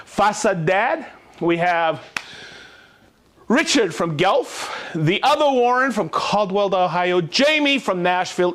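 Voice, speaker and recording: A man hosting a live stream, reading out viewers' names and hometowns in an upbeat way with whoops. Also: high voice. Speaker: livestream host.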